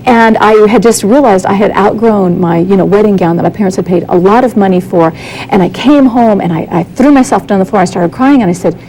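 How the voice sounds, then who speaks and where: A woman's voice: mid-range voice, lively intonation, a little fast, mellow, a little hiss or hum, rough recording. A woman giving a candid, earnest personal testimony as a guest on a talk show, often acting out the dialogue she quotes.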